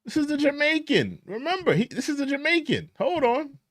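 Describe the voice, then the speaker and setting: Animated, bright-voiced man mocking. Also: extremely high pitch, brisk, dry recording, clean studio sound. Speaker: commentary channel host. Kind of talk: opinionated commentary.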